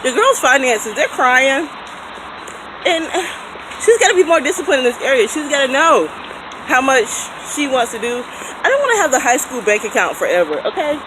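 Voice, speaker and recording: A woman's voice: sits high, normal speed. Chatty woman vlogging outdoors on phone. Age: 30s. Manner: chatty, animated, laughs often. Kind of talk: casual vlog chat. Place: outdoors in a city, by a fountain, then in a car. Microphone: phone held at arm's length. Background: street ambience, fountain, traffic.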